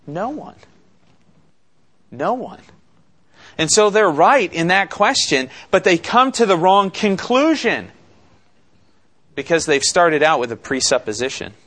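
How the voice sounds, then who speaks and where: A man preaching an expository sermon, slow and deliberate, with dramatic pauses and rhetorical questions. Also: on the high side, fairly bright tone. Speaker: pastor.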